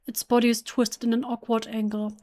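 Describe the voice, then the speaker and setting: A German-native woman reads horror game narration aloud, hushed and emotional, often stumbling and restarting mid-word. Her voice sits fairly high but moves little in pitch. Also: level tone, fairly quick. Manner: emotional, hushed, with self-corrections. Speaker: let's play gamer. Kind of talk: reading game text aloud.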